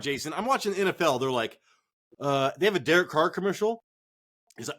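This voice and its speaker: A man co-hosts a casual sports chat in a fairly high, lively voice that swings widely in pitch. He rambles, swears freely and gets worked up easily. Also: fairly quick. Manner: profane, excitable, rambling. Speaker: fantasy football podcast co-host.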